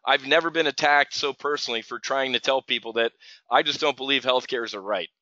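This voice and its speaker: A middle-aged man from New Jersey hosts a live options trading stream, ranting and replying to viewers in chat by name. His medium-pitched voice is fairly quick and sharp, with no room sound, though the stream audio is dull and lo-fi.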